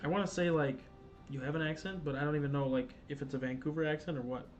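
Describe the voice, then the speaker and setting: A man's voice: on the high side, steady tone, quick pace, lo-fi sound, soft background music. A man hosting a casual gaming livestream, chatting loosely with viewers, swearing and stumbling over restarts and fillers. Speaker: livestream host.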